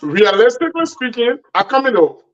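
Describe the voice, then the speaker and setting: A man with a high voice comes through a dull, lo-fi line. He poses his questions animatedly and acts out the lines he quotes. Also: sing-song, a little fast, slight background noise. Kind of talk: radio call-in discussion.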